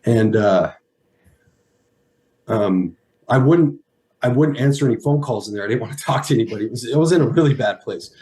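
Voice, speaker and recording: A man in his thirties, a guest on an interview show, telling a personal story in an earnest, halting way and near tears. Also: medium pitch, expressive, darkish tone. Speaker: guest, former pro football player.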